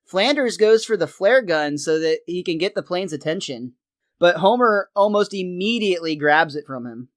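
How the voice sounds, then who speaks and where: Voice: medium pitch, normal speed, dry recording. A podcast co-host walks through a cartoon episode, telling it like a story and laughing along the way. The sound is dry and close, with no room around the voice. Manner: lively storytelling, laughs often, acts out quotes.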